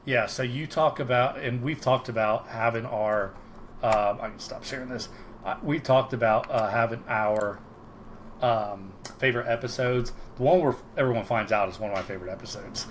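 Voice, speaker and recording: A man co-hosting a casual podcast, rambling and restarting his sentences as he talks things through. His voice sits at an ordinary middle pitch. A faint noise hangs behind him on the video call. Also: moderate pace. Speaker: podcast co-host. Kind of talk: casual chat.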